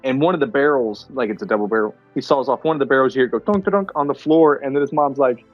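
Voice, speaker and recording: A man co-hosting a movie podcast, chatting casually over beer, excitable and swearing a lot as he acts out scenes. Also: mid-range voice, fast, dry recording, dull audio, soft background music. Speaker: podcast co-host.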